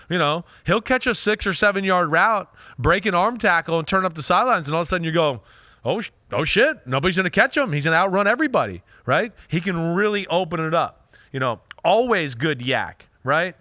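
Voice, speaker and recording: A man hosting a casual football talk show, breaking down players in an animated, emphatic way and often tagging "right?" onto his points. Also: on the high side, no room sound. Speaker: podcast host, former quarterback. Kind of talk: casual football analysis chat.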